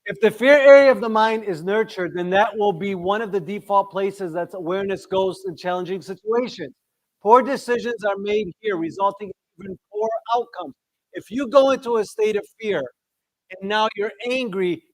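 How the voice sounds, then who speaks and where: A middle-aged man with a fairly high voice gives a lively religious talk to a live audience, and he keeps firing questions at his listeners. His voice sounds dry and close, with no room echo. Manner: lively, asks the audience questions, shifts pitch sharply for emphasis. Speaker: discussion leader.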